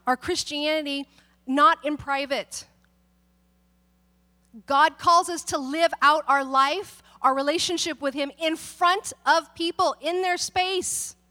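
A woman pastor preaching in a relaxed, conversational way, with a high voice. She tells stories and acts out the people in them, with laughs and asides. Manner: animated storytelling, acts out quoted people. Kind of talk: conversational sermon.

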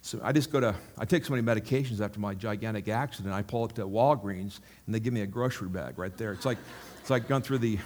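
A male pastor preaching in a loose, conversational storytelling style, rambling through anecdotes and checking in with his listeners. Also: fast. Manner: bursts louder on punchlines, drops low on asides.

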